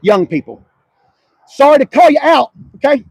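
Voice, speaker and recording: A middle-aged man, hosting a casual walkaround car review at an outdoor car lot and mocking the cars he sees in loud, profane rants. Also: very high voice, very animated, moderate pace, gravelly, no echo, low-quality recording.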